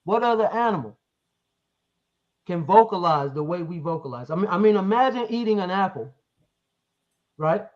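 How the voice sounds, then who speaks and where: High-voiced man pressing his point, lo-fi. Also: lively intonation, moderate pace, pauses often. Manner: presses his point, asks leading questions, reads verses aloud. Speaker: debater. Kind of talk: heated debate over a live stream.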